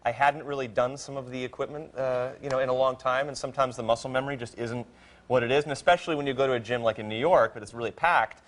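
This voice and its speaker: A man's voice: medium pitch, steady tone, fast. A man in his thirties, a guest on a TV talk show, chatting casually with many fillers and restarts and a self-mocking humor. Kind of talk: casual chat. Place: TV studio.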